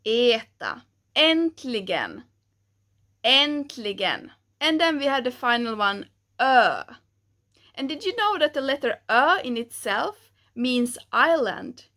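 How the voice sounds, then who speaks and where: A woman teaching pronunciation, taking it slowly and patiently and modelling each sound for the learner to repeat. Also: high-pitched, animated, bright, forceful tone. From Sweden. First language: Swedish. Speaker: language teacher. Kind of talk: pronunciation lesson.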